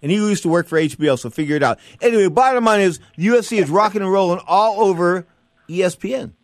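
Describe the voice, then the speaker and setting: Excitable radio host, fairly high voice. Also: male voice, fast talker. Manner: excitable, rambling, tells stories with asides. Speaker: radio sports talk host. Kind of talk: radio talk show chat.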